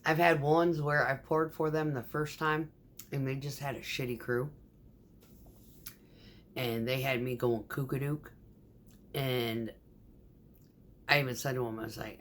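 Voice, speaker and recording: A woman who drives a concrete truck, telling a profane, animated story about her job in a casual vlog. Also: a bass voice, unhurried, long pauses, a little hiss or hum.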